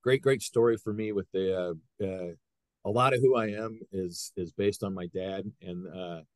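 A middle-aged man, a high school wrestling coach, telling stories in a casual interview with lots of restarts. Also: normal speed, no echo. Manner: animated storyteller, frequent restarts.

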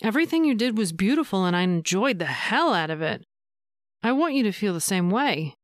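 A woman's voice: medium pitch, very animated, brisk, dry recording, clean studio sound, natural voice. A woman voicing a tender, reassuring male lover. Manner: gentle, soothing explanations.

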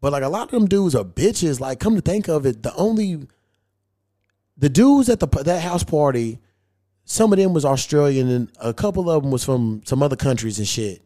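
This is a man, chatting on a podcast as host. His voice sits a little high and sounds mellow and relaxed as he tells rambling, profane stories packed with slang. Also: normal speed. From United States. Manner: loose storytelling, heavy slang and swearing. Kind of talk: casual profane chat.

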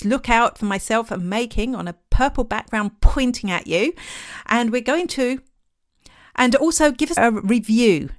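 A woman's voice: on the high side, normal speed. A woman with an Essex accent co-hosting a podcast, chatting casually with frequent laughs and ranty asides. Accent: Essex English. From England. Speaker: podcast co-host.

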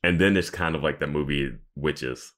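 Very deep-voiced young man, laughing. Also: moderate pace, fairly bright tone. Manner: laughs often, enthusiastic reactions. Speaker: podcast co-host. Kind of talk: casual recap chat.

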